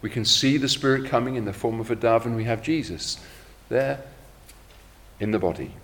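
A middle-aged man preaching a sermon in a measured, reflective way, slowing down when he quotes scripture. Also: medium pitch, a bit bright, big-room sound.

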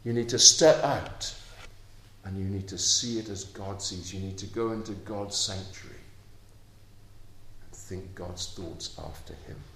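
Slow, earnest male preacher in echoey room. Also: vocal fry, slight background noise. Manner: earnest, swings between soft intimate lows and emphatic raised passages. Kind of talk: sermon.

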